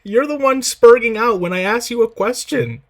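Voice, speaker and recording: A man's voice: very high voice, moderate pace, a bit bright. A man on a voice call, bluntly pressing his guest for answers and brushing her off. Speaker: interviewer on a voice call. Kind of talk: heated argument on a voice call. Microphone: computer mic on a voice call.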